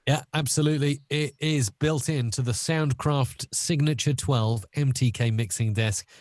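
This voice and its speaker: A British man talks as a guest in a casual interview, friendly and quick, peppering his talk with fillers. His voice is mid-pitched. It sounds dry and close on a video call. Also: darkish tone, no echo. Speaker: audio expert guest.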